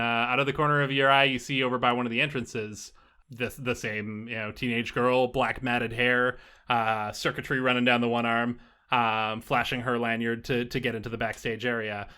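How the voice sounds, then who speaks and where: A man's voice: mid-range voice, bright, forceful tone, smooth. A man narrating as game master in a loose, rambling style full of fillers.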